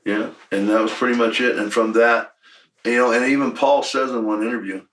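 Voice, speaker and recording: A man's voice: mid-range voice, steady tone, brisk, fairly bright tone, distant mic, slight background noise, low-quality recording. A man in his sixties, a former wrestler, telling blunt, profane stories in an emphatic shoot interview. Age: 60s.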